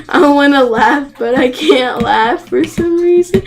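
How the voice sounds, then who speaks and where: A woman's voice: on the high side, normal speed, rough recording. A young woman streaming a game live, gasping and crying out at the game, then rambling to her viewers.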